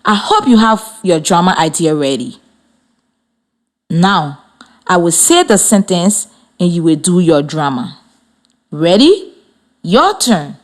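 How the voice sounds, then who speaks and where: A woman's voice: on the low side, sing-song, slow, long pauses. A woman teaching a radio classroom lesson, giving encouraging, step-by-step instructions.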